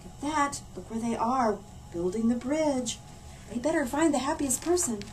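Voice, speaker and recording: A woman's voice: sits high, normal speed, natural voice. A woman voicing a pompous, bossy male town mayor in a storybook reading. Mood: blustering. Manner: loud, bossy and self-important. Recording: distant mic, faint room hum.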